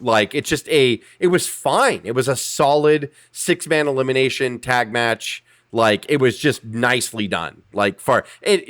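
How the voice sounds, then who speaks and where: Animated, cursing podcast host man. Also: medium pitch. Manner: profane, emphatic, acts out quotes. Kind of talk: casual wrestling review chat.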